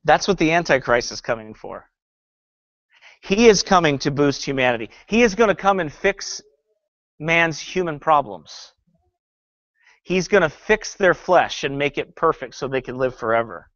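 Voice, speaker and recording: A man's voice: a little high, expressive, normal speed, a bit bright, no echo, muffled recording. A male pastor preaching a sermon that critiques a film, fervent and sarcastic by turns, often reading scripture aloud.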